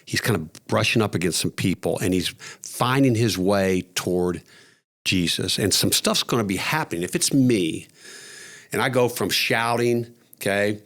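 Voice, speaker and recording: A man's voice: on the low side, moderate pace. A man co-hosting a faith podcast, retelling scenes vividly and animatedly. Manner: animated, vivid storyteller, voice rises when excited. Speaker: podcast co-host. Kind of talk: casual faith discussion.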